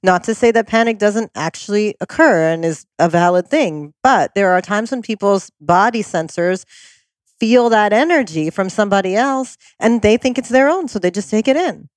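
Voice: medium pitch, lively intonation, normal speed, no room sound. A podcast host making emphatic, opinionated points in a conversational interview.

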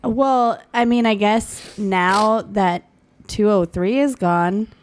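A woman's voice: mid-range voice, takes it slowly, slight background noise. A woman on a radio talk show, speaking in a matter-of-fact way. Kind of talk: casual chat.

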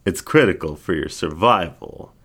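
A man's voice: low-pitched, expressive, moderate pace, fairly bright tone, heavily acted. Man doing a cocky, teasing dingo. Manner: easygoing, teasing. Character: cocky grinning male dingo, bold. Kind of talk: audiobook story reading.

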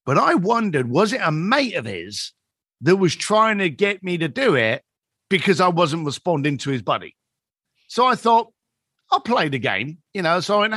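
A man telling a story in conversation, animated and acting out other people's voices. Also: high-pitched, moderate pace, breathy edge, no echo, studio quality.

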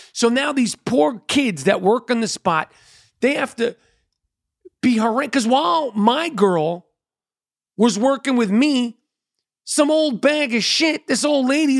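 A middle-aged man, ranting in a crude, rambling comedy monologue full of repetition and swearing. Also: very high-pitched.

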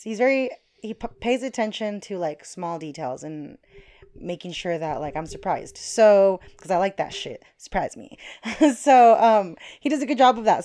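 A woman's voice: mid-range voice, darkish tone, clear, resonant tone. A young woman vlogging, casually telling a story to her viewers, chatty and sweary with lots of fillers.

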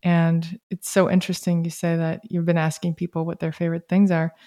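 Host, female, lowish steady voice, unhurried and reflective in casual talk. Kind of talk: casual conversation.

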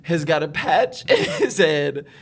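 A young man co-hosts a podcast, his voice slightly high, slightly slow and gravelly. He tells a family story in casual chat, animated and laughing often, acting out his wife's lines and other people's words.

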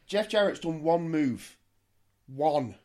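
Chatty podcast co-host. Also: male voice, a little high, expressive, slow pace, a little mellow. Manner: chatty, amused recapping. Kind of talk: casual wrestling review chat.

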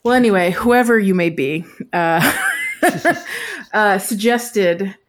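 A chatty woman co-hosting a casual podcast. She tells her story in an animated way, restarting her sentences often as she goes. Her voice sits at a middle pitch. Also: slow pace. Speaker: podcast co-host. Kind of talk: casual chat.

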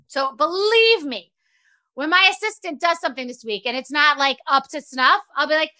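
A woman hosting a show, talking in a casual, animated, profane rant that mocks herself. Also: sits high, normal speed. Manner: animated, profane, self-mocking. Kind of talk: casual ranty monologue.

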